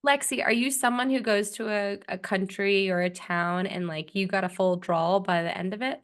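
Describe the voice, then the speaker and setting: Woman co-host, young adult, mid-pitched, recovering from a cold, playful and joking. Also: steady tone, moderate pace. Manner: playful, joking, laughs often. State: getting over a cold. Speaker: podcast co-host. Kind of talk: casual chat.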